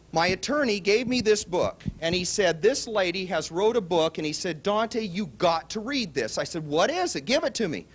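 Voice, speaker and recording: High, lively-voiced male seminar speaker. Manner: animated storytelling, acts out both sides of dialogue. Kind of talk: motivational seminar pitch. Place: seminar hall before a live audience.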